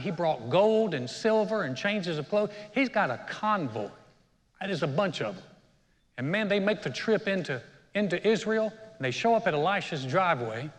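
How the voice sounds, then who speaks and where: A man's voice: fairly high pitch, a bit bright. A man preaching a sermon as senior pastor, telling a story in a conversational way and acting out the quotes. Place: church auditorium. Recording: church hall reverb.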